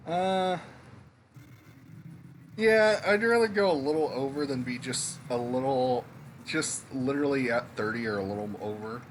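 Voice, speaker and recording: A man giving casual, rambling gameplay commentary, swearing freely and pausing with fillers. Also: mid-range voice, slight background noise. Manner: rambling, profane, hesitant. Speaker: let's play gamer.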